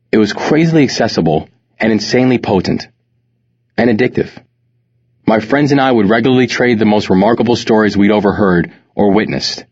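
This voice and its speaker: Husky, low-voiced male memoir narrator. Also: a little mellow. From New York. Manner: measured, reflective. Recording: slightly muffled recording.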